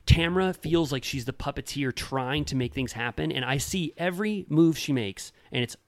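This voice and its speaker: A man co-hosting a podcast in casual chat, animated and blunt, swearing often and mimicking people in a high voice. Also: moderate pace. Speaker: podcast co-host.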